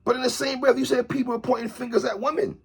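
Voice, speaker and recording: A commentary vlogger calls out a TV host in an animated opinion monologue, tagging "sister, respectfully" onto his lines over and over. He speaks quickly, very high-pitched, with vocal fry and a slightly rough edge.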